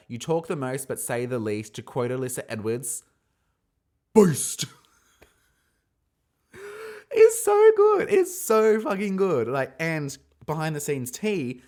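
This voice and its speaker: A man with a fairly low speaking voice hosts a casual review podcast. He chats in a gossipy, animated way and jumps into loud, high squeals when something excites him. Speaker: podcast host reviewing a drag competition.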